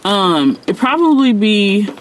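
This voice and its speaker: A man's voice: high-pitched, sing-song, takes it slowly, slight background noise. A man who works as a spiritual mentor, talking casually and directly to his viewers in a loose, rambling, heartfelt way, with lots of slang and fillers. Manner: slangy, everyday speech. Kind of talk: casual direct-to-camera vlog talk.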